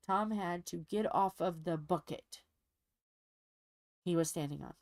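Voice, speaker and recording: A woman's voice: fairly low pitch, a little slow, pauses often, darkish tone, dry recording. A woman hosting a diamond painting channel, chatting casually while she crafts and telling a rambling, folksy story from home.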